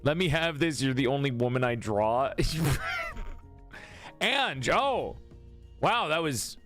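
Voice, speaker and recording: A man's voice: medium pitch, huge pitch swings, slow pace, a bit bright, soft background music. A man streaming, chatting casually with his viewers, joking and teasing as he reads their messages aloud and answers.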